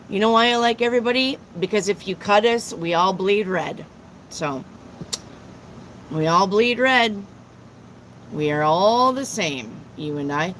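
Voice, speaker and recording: Female live-stream tarot host, unhurried and talkative, reads out chat questions and answers them plainly. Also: medium pitch, a bit bright, slight background noise, rough recording. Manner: chatty, slow and drawling, repeats herself.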